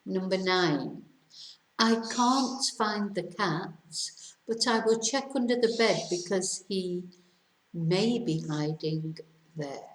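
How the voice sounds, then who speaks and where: A British woman teaching English, reading quiz sentences aloud slowly and carefully with countdowns. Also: lowish voice, roomy sound, rough recording. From Britain. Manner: careful slow dictation with countdowns.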